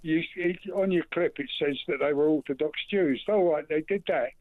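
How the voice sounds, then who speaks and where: Blunt bloke ringing into radio, higher voice, tinny dry phone line, says mate a lot. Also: male voice, moderate pace, dry recording. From England. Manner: blunt, keeps saying mate. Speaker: caller. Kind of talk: phone-in call.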